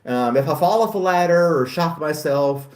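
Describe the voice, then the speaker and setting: A man's voice: a little high, expressive, moderate pace, a little mellow, roomy sound, distant mic. A middle-aged man hosting a casual chat, talking in a chatty, self-deprecating way and laughing often. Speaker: host.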